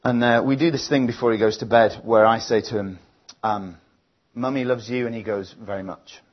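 A man's voice: lowish voice, brisk, highs cut off. A man preaching a sermon, telling a family story in an earnest, reflective way before leading a prayer.

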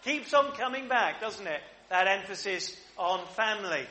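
Guy preaching in church, high bright voice, asks the crowd to answer back. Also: moderate pace, hardly any pauses, slight background noise. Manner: leads congregation in prayer and call-and-response. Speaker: pastor. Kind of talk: sermon. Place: church service.

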